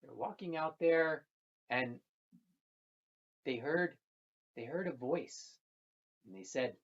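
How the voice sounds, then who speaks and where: A storyteller speaking slowly and gently, repeating phrases while telling a traditional tale to children. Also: mid-range voice, lively intonation. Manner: slow, gentle and repetitive, with soft trailing phrases. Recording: dull lo-fi recording.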